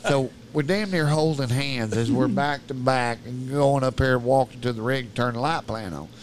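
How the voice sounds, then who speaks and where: A man's voice: mid-range voice, normal speed, a little hiss or hum. A man telling a long, profane, rambling story as a podcast guest, often cutting himself off mid-sentence. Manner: profane, colorful, self-interrupting. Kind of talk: rambling storytelling in casual chat.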